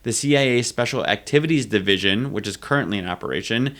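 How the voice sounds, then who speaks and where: A man's voice: lowish voice, lively intonation, quick pace, a bit bright. Chatty young man co-hosting a podcast. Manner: chatty, many fillers, playful asides. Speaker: podcast co-host. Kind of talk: casual chat presenting history.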